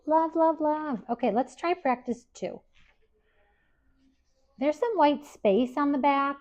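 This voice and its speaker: A woman presenting a workshop to a live audience at an expo, speaking gently and encouragingly. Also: high voice, expressive, slow pace. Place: event hall with live audience. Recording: dull lo-fi recording.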